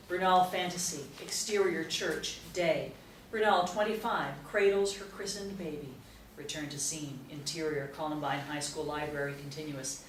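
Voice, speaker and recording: A woman narrates stage directions in a crisp, matter-of-fact way. Her voice is low for a woman. She is heard from a distance in a roomy space, with a faint hiss underneath. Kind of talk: screenplay table read narration.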